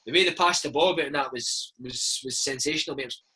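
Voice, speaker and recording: Chatty Scottish man, bright husky voice. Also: medium pitch, fast talker. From Scotland. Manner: chatty, animated storytelling with frequent "mate" and "man". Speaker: interview guest, former footballer and podcast host. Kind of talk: casual chat.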